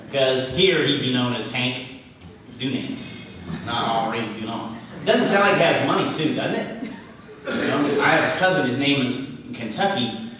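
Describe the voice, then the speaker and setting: A man's voice: mid-range voice, a bit bright. A middle-aged man tells a history story at a breakfast banquet, folksy and given to joking asides. He sounds far from the mic in a big hall with heavy reverb and a faint hum of room noise. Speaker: regional Red Cross executive. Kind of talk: banquet speech.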